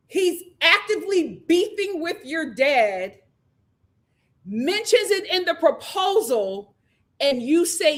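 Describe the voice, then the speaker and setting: A woman's voice: high voice, animated, slow pace, fairly bright tone. A woman reviewing a reality TV show on a casual live stream, ranting with exasperation and breaking into laughter.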